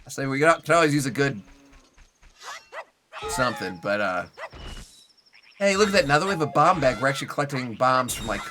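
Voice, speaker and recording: A man's voice: medium pitch, big pitch swings, fairly quick, long pauses, pushed and bright, slight background noise. A young adult man streaming a video game live, chatting loosely with viewers and rambling with lots of "like" fillers. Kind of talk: casual live gameplay commentary.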